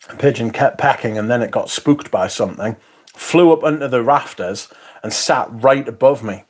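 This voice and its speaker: A man's voice: medium pitch, normal speed. A man hosting a casual livestream, chatting, swearing freely and reading out viewer comments. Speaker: livestream host reading chat.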